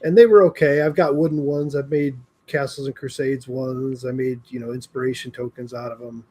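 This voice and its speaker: A man with a husky voice chats in a laid-back way. His sentences tend to trail off quietly at the end. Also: medium pitch, steady tone, a little fast. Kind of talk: casual chat.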